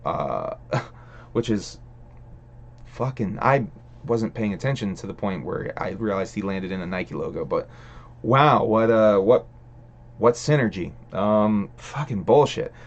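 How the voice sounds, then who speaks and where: A man's voice: lowish voice, animated, measured pace, long pauses, highs cut off. A man hosting a livestream, ranting in a casual, rambling way, swearing a lot and laughing between thoughts. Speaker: stream host.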